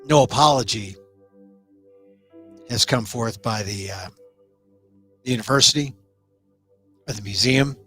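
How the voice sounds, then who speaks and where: A middle-aged man hosting his own talk show, delivering an emphatic solo commentary monologue that speeds up and slows down for stress. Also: medium pitch, a bit bright, breathy edge, faint music behind. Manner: emphatic, shifting pace for stress.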